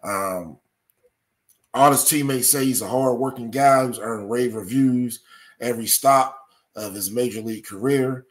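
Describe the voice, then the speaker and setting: A man hosting a sports history talk show, speaking in a measured way with lots of ums and uhs. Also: mid-range voice. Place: studio or home setup.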